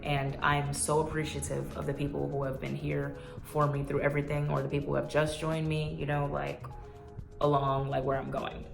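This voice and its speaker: Low gravelly young woman vlogging. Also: echoey room. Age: 20s. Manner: earnest, rambling, emotional. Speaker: YouTuber. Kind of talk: heartfelt vlog talk.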